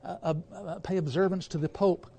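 High-voiced man preaching a sermon. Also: steady tone, fairly quick, mellow, slightly rough. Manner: emphatic, asks the congregation questions, stumbles over words. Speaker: guest preacher.

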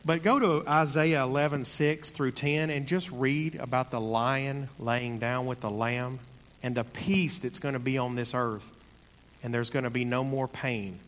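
A man giving a sermon in an earnest, conversational way, slowing down to stress key points. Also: medium pitch, fairly bright tone, big-room sound. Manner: earnest, conversational, slows for emphasis. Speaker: preacher.

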